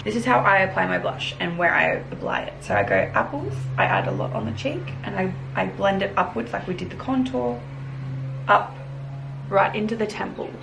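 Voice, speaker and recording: A woman runs through a makeup tutorial from her bedroom in a bubbly, chatty way, calling every brush and product little. Her voice sits at an ordinary pitch with a gravelly, fry-tinged edge. Music plays clearly behind her. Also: animated, moderate pace, low-quality recording. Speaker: makeup vlogger. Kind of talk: casual tutorial chat.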